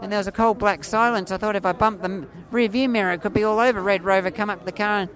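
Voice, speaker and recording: Man, australian accent, forties, high voice, animated and rambling, outdoors with faint crowd. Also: quick pace. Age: 40s. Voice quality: high-pitched for a man, mistaken for a woman on the phone. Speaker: street performer jester. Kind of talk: casual storytelling interview.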